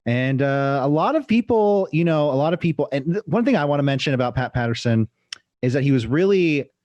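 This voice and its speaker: A man's voice: on the high side, lively intonation, a little mellow, no room sound, dull audio. A man co-hosting a wrestling podcast in casual, rambling chat full of fillers. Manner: rambling, halting, lots of fillers. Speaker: podcast co-host.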